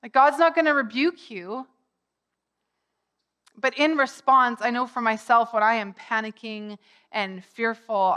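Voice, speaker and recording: A woman's voice: a little high, measured pace, bright, forceful tone. A middle-aged woman preaching a sermon in a conversational way, lifting her voice for quoted cries. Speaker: pastor.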